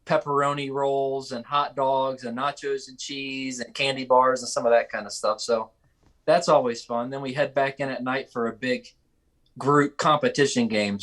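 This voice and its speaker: A man who is a youth ministry guest, calmly explaining things in casual podcast chat. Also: medium pitch.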